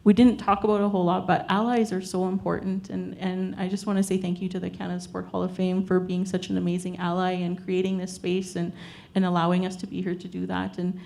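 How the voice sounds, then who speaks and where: A woman with a low, gravelly voice tells a personal story to an audience at a panel. Her pitch stays flat as she speaks earnestly, pausing often with fillers. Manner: earnest, halting, many fillers. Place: event hall with audience.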